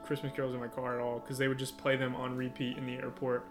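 A man's voice: mid-range voice, monotone, fast. A young man chatting casually as a podcast co-host, telling easygoing stories about his job. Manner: easygoing storyteller, laughs along. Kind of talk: casual chat. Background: guitar music.

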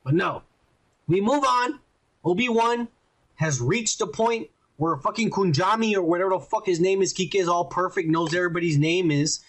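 A man's voice: sits high, normal speed, fairly bright tone. A man hosting a podcast, ranting heatedly and swearing a lot while reviewing a show. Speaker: podcast host. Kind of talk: casual ranting review chat.

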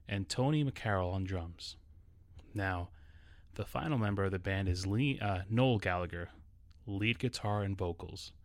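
A man's voice: fairly low pitch, dry recording. Nervous, casual man hosting a podcast. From New York City. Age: adult. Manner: casual and a bit nervous, with restarts. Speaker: podcast host. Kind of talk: solo podcast talk.

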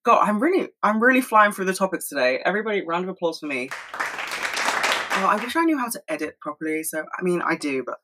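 A young woman talking fast and rambling in a casual monologue at home, swearing freely. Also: lowish voice, very animated, crowd noise, noisy background. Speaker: solo podcast host.

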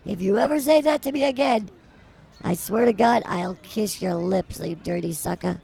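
Someone doing a brash, husky older broad. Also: mid-range voice, normal speed. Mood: flirty. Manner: rambling, theatrical, swings to shouting. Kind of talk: improvised comedy podcast.

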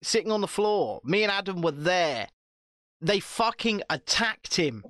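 A man's voice: high voice, very animated, unhurried, a bit bright, dry recording, clean studio sound. A man co-hosting a podcast, ranting and swearing in casual political chat, often repeating himself. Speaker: podcast co-host.

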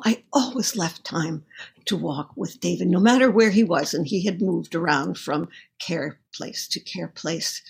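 A middle-aged woman telling a personal story in a halting, tender way. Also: mid-range voice, creaky, slightly rough. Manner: halting, tender, pausing to find words. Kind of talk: personal story told on stage.

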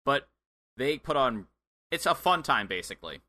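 A man's voice: mid-range voice, big pitch swings, normal speed, sharp tone. A man co-hosting a podcast, chatty and enthusiastic, with frequent hesitant fillers. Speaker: podcast co-host. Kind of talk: casual podcast chat.

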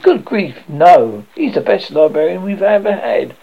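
A man puts on a fussy, nervous bursar who soothes and hedges as he answers. His husky voice sits high and swings about widely. The recording sounds dull and lo-fi. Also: sing-song, unhurried, heavily acted. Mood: placating. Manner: hesitant, placating, nervous.

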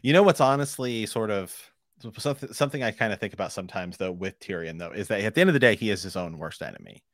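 A man with a lowish voice talks through a book in a relaxed podcast chat. He rambles and restarts his sentences. The sound is dry and close to the mic. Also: fast, dry recording. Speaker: podcast co-host. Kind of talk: casual book discussion.

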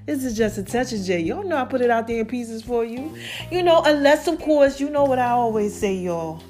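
A woman hosts her podcast in a loose, playful chat and keeps calling her listeners in. Her voice sits high. Soft music plays faintly underneath. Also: fairly quick. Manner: lively, playful, calls listeners "baby" and "y'all". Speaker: podcast host. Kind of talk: casual chat.

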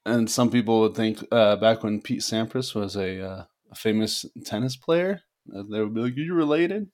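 Easygoing lower-voiced guest man. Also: moderate pace, a little mellow. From American Midwest. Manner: easygoing, laughs often. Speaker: podcast guest, author. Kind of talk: casual podcast chat.

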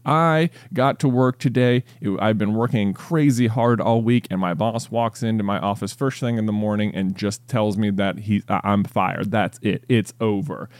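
A man's voice: lowish voice, steady tone, moderate pace, hardly any pauses, a little mellow, dry recording, clean studio sound, natural voice. A man voicing an indignant office worker who has just been fired.

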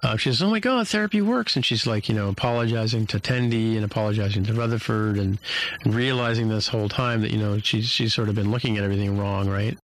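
A man's voice: lowish voice, level tone, fast talker, low-quality recording. A man in casual podcast chat, recapping a show with a rambling flow of fillers and restarts.

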